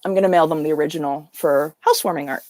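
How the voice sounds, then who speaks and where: A woman from Canada co-hosting a casual livestream chat, playful and quick to joke. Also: low-pitched, darkish tone, no room sound. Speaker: co-host.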